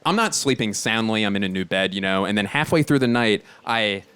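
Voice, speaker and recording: A man in his thirties doing stand-up storytelling on a theater stage, animated and jumping into high squeaky voices. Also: brisk, smooth. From Philadelphia, USA. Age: 30s. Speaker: stand-up comedian. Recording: loud audience laughter behind.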